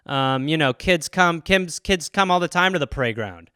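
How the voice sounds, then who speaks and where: High, bright-voiced man riffing jokes. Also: lively intonation, smooth, no echo, clean studio sound. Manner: rambling, profane, jokey, slips into quick silly voices. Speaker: comedy podcast host. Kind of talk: solo comedic riffing on listener topics.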